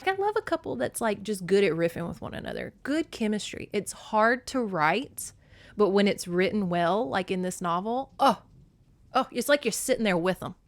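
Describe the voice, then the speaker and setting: A woman's voice: medium pitch, normal speed, no room sound. Chatty, swearing woman podcast host. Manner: chatty, animated, swears freely. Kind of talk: casual book recap.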